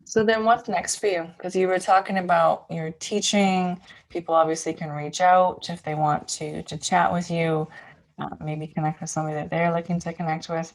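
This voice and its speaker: A pregnant woman hosting a casual interview, asking gentle questions. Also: on the low side, poor audio. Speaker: host.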